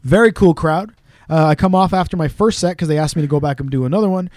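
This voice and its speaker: A man with a fairly high, mellow voice tells stories in an easy, animated chat. He sometimes slips into quick voices for the people he describes. The sound is dry and close. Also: no room sound. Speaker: podcast co-host. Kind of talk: casual storytelling chat.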